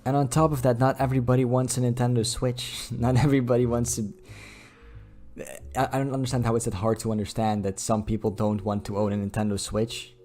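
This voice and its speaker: A man's voice: medium pitch, level tone, brisk, darkish tone, soft background music. A man hosting a reaction video, answering a clip with blunt, sarcastic, profane rebuttals. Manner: sarcastic, blunt, swears freely.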